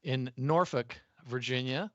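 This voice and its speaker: Casting: relaxed American man, mid pitch, chatty with frequent uh fillers, dry slightly muffled video-call sound. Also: measured pace, dry recording. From United States. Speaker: podcast host appearing as guest. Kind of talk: casual interview chat.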